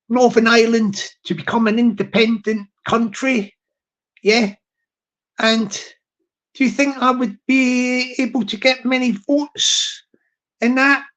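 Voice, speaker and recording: A man chatting casually to his viewers as a streamer, rambling and halting with many restarts. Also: very high-pitched, fairly bright tone.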